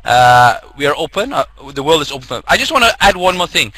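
A man moderating a webinar, chatty and quick to laugh, reading out poll results. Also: on the high side, sing-song, bright, forceful tone, a little hiss or hum. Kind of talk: casual moderating.

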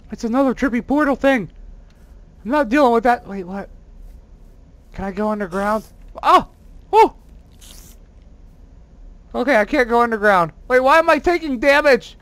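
A gamer giving let's play commentary, excitable and self-mocking, full of exclamations and whining at the game. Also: mid-range voice, unhurried, pauses often, no room sound.

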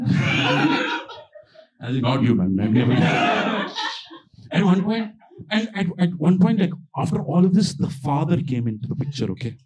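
A man's voice: high voice, unhurried, low-quality recording. A young man performing a stand-up set, telling a story and acting out the people in it. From India. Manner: animated storytelling, acting out quoted voices. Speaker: stand-up comedian. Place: small outdoor backyard venue with live audience.

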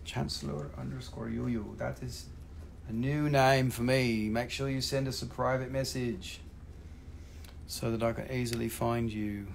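A middle-aged man runs a live-stream rock sale in loose sales chat. His voice is gravelly and rough. He talks excitably, hyping each stone and swearing casually. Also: mid-range voice, measured pace, slight background noise.

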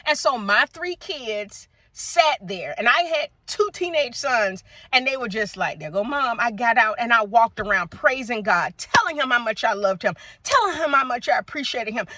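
A middle-aged woman, telling her faith testimony to viewers in an animated, preacher-like way and calling them y'all. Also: fairly high pitch, no echo. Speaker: vlogger sharing a faith testimony. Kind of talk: casual testimony talk to viewers. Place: outdoors at sunset.

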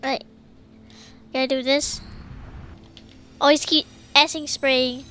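A woman giving casual let's-play commentary, talking to herself and to the creatures on screen, and yelling commands at the game when things heat up. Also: high voice, slow pace. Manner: excitable, yells commands at the game. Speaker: gamer streamer.

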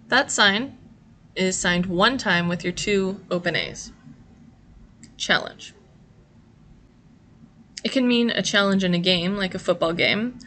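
Woman instructor, clear and methodical, mid-range voice, talking through a lesson. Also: medium pitch, bright, forceful tone. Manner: clear, patient, step-by-step. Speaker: sign language teacher. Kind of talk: instructional explanation.

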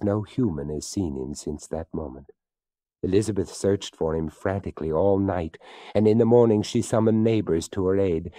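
A man narrating a ghost story in a theatrical reading, slowing and hushing for suspense. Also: on the low side, dry recording, clean studio sound.

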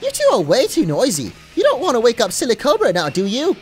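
A man's voice: extremely high pitch, huge pitch swings, fast, voice pushed up, exaggerated voice. Man putting on a scolding British gang punk. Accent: put-on mixed British. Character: rowdy young punk gang member.

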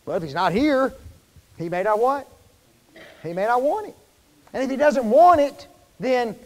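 A man preaching a sermon to his congregation in a folksy, conversational way, often pausing to quiz them with fill-in questions. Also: extremely high pitch. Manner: folksy, informal wording. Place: church sanctuary. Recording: long reverb of a church hall.

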